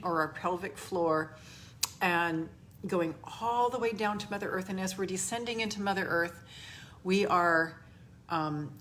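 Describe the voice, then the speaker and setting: A woman's voice: mid-range voice, a bit bright, slight background noise. A woman hosting a spiritual live stream from home, effusively greeting viewers by name and leading a guided grounding exercise. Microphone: camera she holds or adjusts.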